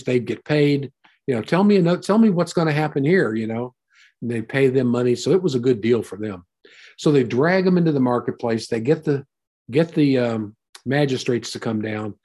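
Husky-voiced man preaching conversationally. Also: medium pitch, moderate pace, mellow. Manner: folksy, explanatory storytelling. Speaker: Bible teacher. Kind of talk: conversational sermon.

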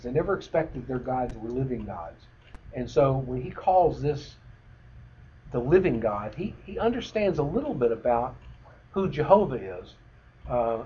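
A man's voice: mid-range voice, mellow. Conversational man teaching a bible study. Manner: conversational, many fillers and restarts. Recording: dull lo-fi recording with faint noise.

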